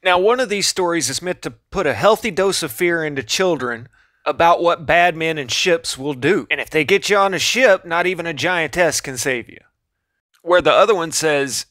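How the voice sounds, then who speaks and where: A man's voice: a little high, normal speed, sharp tone, no room sound, clean studio sound. A man casually narrating a video, with offhand, sarcastic asides.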